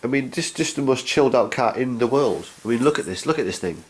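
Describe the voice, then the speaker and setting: Man, young adult, blocked nose, slightly nasal, casual rambling vlog chat, mid pitch. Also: expressive, quick pace. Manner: rambling, chatty, many fillers. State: congested, stuffy nose. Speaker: gaming vlogger. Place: home.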